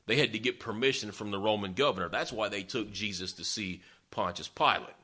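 A man's voice: on the low side, brisk, pushed and bright. A man preaching a sermon, retelling scripture in a folksy, conversational way with sarcastic asides. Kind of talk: sermon storytelling.

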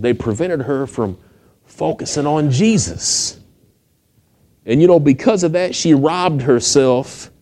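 A man's voice: mid-range voice, warm tone. A male pastor, preaching a sermon in a folksy storytelling way that builds to emphatic exhortation.

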